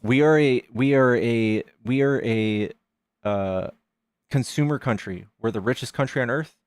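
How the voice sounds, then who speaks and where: Male stream host, mid pitch, heated and profane, peppers the caller with questions; dry close recording. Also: unhurried, clean tone, no room sound. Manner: argumentative, profane, fires rhetorical questions. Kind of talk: heated live debate.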